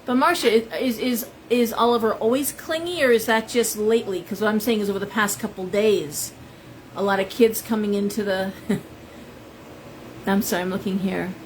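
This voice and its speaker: A woman's voice: medium pitch, fairly even intonation, moderate pace, a little hiss or hum, rough recording. Chatty woman hosting a live stream. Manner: chatty, rambling, reads out viewer names. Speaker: shop owner and tarot reader hosting a live stream. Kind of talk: casual live-stream chat with viewers.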